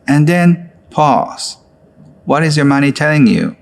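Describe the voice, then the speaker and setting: A man who leads a guided exercise in an online course, speaking gently and coaxingly with frequent filler words. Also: on the high side, big pitch swings, a little slow. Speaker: course instructor.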